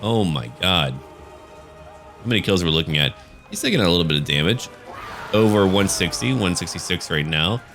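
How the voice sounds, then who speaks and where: A man's voice: deep voice, lively intonation, moderate pace, long pauses, fairly bright tone, soft background music. A man casually commenting on a strategy game battle, chatty and joking. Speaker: gaming channel host.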